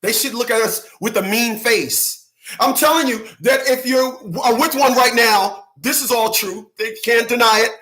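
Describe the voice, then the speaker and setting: Bright, ranting male vlogger in echoey room. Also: very high-pitched, moderate pace. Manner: loud, swearing, slangy, laughs often. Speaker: channel host. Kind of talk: ranting commentary to viewers.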